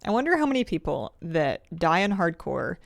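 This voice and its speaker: A woman's voice: fairly low pitch, big pitch swings, moderate pace, gravelly, no echo. A woman streamer chatting casually while playing, thinking aloud and laughing often. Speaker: game streamer. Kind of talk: casual gameplay commentary.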